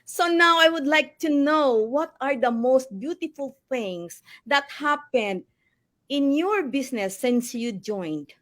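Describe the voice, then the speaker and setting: Woman interviewer, gentle, encouraging, high voice. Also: animated, takes it slowly. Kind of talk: supportive interview.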